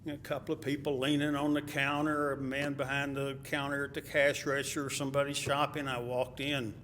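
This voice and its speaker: A man's voice: medium pitch, flat delivery, fairly quick, fairly bright tone. A man with a Texas accent telling a chuckling personal story at a memorial. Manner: chuckling, anecdotal. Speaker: eulogy speaker. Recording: hall reverb, faint ambient noise.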